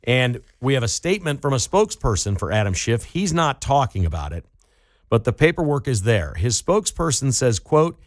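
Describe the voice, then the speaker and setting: A man's voice: medium pitch, sing-song, moderate pace, no echo, clean studio sound. A man hosting a political talk radio show, delivering an opinionated, sarcastic monologue. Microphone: studio microphone.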